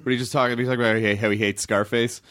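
A man hosting a podcast, talking quickly with frequent restarts and laughter. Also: medium pitch, flat delivery, fairly bright tone. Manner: fast, laughing, restarts often. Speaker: podcast host. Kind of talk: casual podcast chat.

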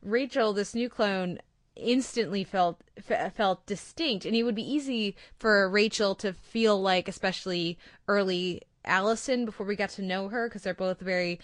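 An enthusiastic woman praising a TV performance in a casual review chat, her voice recorded dry and close. She pauses and restarts as she searches for the right words. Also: mid-range voice, no echo. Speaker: podcast co-host.

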